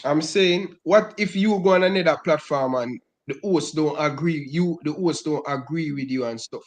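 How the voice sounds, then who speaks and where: A man's voice: on the high side, moderate pace. A man co-hosting a livestream, arguing insistently and repeating himself. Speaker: stream co-host. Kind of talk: heated livestream chat.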